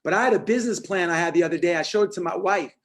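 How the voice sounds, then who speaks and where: High-energy man telling a story. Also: very fast. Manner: energetic, punchy storytelling with acted-out quotes. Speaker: motivational speaker. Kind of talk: storytelling talk on a video call.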